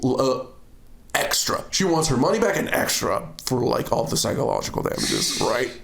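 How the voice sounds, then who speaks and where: A man hosting a podcast, telling stories in a casual, animated way and laughing often. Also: mid-range voice, normal speed, creaky, echoey room, noisy background. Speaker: podcast host. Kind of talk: casual chat.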